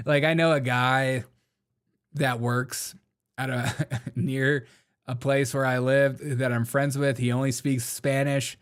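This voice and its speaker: Male stream host, casual commentary, frequent laughter, slangy, mocking, mid pitch. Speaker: live-stream show host.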